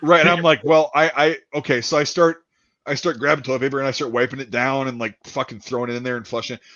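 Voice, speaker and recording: A man telling a rambling story in a casual chat, animated, laughing and swearing a lot. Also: medium pitch, fast. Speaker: podcast host. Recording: dull dry lo-fi sound.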